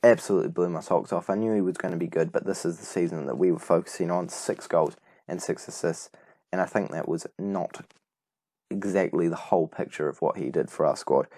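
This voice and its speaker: A man's voice: sits low, fairly quick, warm tone, husky, dry recording. A young man casually commentating on a football management game, rambling and correcting himself as he goes. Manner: rambling, self-correcting, enthusiastic. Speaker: gaming YouTuber.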